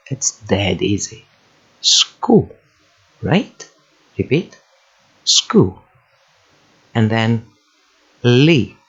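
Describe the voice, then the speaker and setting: Slow patient man teaching words. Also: medium pitch, gravelly, husky. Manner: patient, repeats each word and syllable for practice. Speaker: language teacher. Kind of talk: slow instructional voice-over. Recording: dull lo-fi voice-over.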